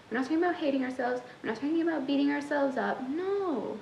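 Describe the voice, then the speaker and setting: A woman's voice: high voice, expressive, fast talker, gravelly, darkish tone, roomy sound, slight background noise, low-quality recording. A young woman who coaches manifestation, giving a sassy, tough-love motivational talk straight to her viewers.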